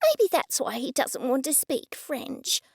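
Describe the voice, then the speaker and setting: A woman's voice: wildly swooping pitch, unhurried, creaky, no echo, studio quality, exaggerated voice. A woman voicing an eccentric, snappy older lady who will brook no argument. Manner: shrill, snappy, insistent.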